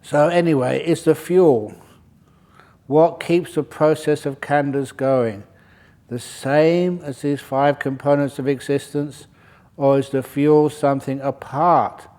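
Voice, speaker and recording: Joking monk giving a Dharma talk. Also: male voice, mid-range voice, slow pace. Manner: relaxed, joking and digressive, with laughter. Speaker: Buddhist monk teaching a retreat class. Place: retreat centre hall.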